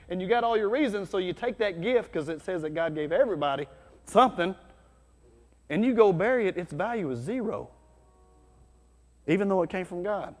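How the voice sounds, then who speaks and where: Energetic man preaching in a reverberant hall. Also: high voice, a little fast. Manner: energetic, conversational preaching with sudden loud bursts. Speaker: pastor. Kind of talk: sermon. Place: church hall.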